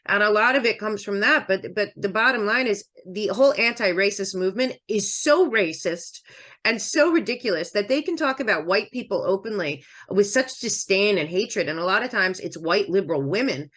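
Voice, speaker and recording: A woman's voice: medium pitch, expressive, normal speed, a bit bright. A woman from the Philadelphia area speaking as a podcast guest, emphatic and opinionated in her commentary. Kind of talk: political commentary in conversation.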